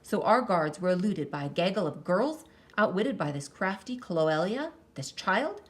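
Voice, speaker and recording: A woman voicing an enraged ancient king who shouts and scolds his men in a storybook reading. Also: on the low side, sing-song, normal speed. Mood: furious. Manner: shouting, indignant. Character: furious old male king, ranting.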